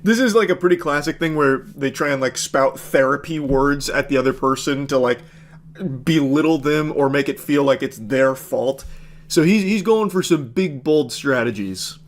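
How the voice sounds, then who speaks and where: A man's voice: fairly high pitch, normal speed. Sarcastic man doing reaction commentary. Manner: sarcastic and mocking.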